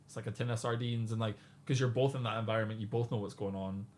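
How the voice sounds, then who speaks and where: A man's voice: lowish voice, fairly even intonation, fast, a little hiss or hum. A man, a podcast guest, chatting casually and acting out little bar exchanges in quotes. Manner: chatty, lots of "like" and "you know". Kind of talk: casual chat.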